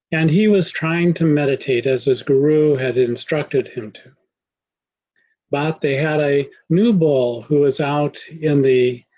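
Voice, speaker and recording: A man giving a spiritual talk, calm, measured and devotional. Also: fairly high pitch, muffled recording. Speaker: spiritual teacher. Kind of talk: sermon.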